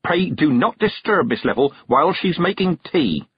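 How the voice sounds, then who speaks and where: A man voicing a stern, sharp-tongued old witch woman in an audiobook, curt and commanding. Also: on the high side, very animated, normal speed, husky, dry recording, voice pushed up, full character voice. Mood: snapping. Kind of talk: audiobook character voice. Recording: dull, dry narration recording.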